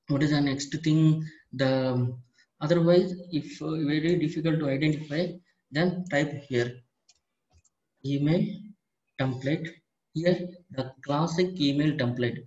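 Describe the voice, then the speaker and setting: A man teaching a step-by-step software tutorial, often repeating and restarting his phrases as he explains. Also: on the high side. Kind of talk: screen-recorded software tutorial. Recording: echoey room, dull lo-fi audio.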